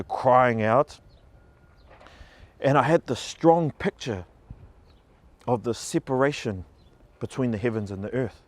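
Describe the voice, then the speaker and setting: A man's voice: mid-range voice, no echo. A man giving an emotional personal testimony, earnest and heartfelt, growing passionate. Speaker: speaker telling a story.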